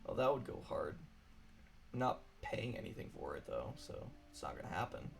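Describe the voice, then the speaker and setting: A man's voice: a bass voice, big pitch swings, moderate pace, gravelly, faint music behind. A man chatting casually while streaming a game alone at his computer, apologetic and rambling.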